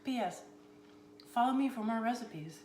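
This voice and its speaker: A woman's voice: a little high, lively intonation, moderate pace, darkish tone, echoey room, a little hiss or hum. A woman hosting a comedic cooking show on a live stream, rambling through a mock-boastful, tongue-in-cheek story.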